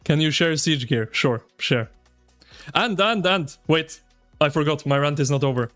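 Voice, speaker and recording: A man streaming live, chatting with his viewers in an excitable, slangy, ranting way. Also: on the high side, a little slow, soft background music. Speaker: game streamer. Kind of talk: casual live-stream commentary.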